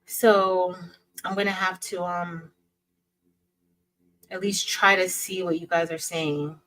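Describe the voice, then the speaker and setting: A woman's voice: fairly low pitch, rough recording. A woman hosting a casual craft livestream, greeting viewers by name in an upbeat, chatty way.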